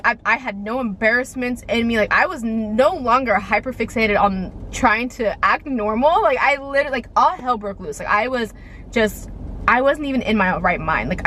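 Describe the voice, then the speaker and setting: A woman's voice: on the high side, a bit bright, poor audio. A young woman tells a personal story in a loose, rambling way. She piles up "like" and keeps checking in with "okay?". Faint noise hums behind her. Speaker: vlogger telling a story. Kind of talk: casual storytime monologue.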